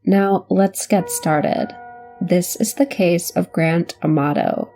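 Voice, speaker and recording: A woman's voice: fairly low pitch, takes it slowly, vocal fry, warm tone, faint music behind. A woman with a cold and a nasal voice, guest hosting a true crime podcast in scripted narration.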